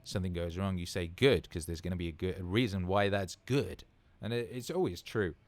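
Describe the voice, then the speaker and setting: A man's voice: low-pitched, fairly quick, dry recording. A man in his thirties hosting a casual livestream Q&A, rambling enthusiastically and swearing freely. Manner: enthusiastic, repeats words for emphasis. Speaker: livestream Q&A host.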